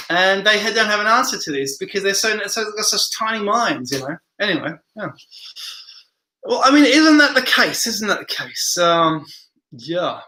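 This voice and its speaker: A man's voice: high-pitched, animated, moderate pace, bright, forceful tone, echoey room. Tired man rambling through a live chat. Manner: rambling, reads comments aloud and answers them. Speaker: live stream host. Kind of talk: late-night live chat, reading viewer comments.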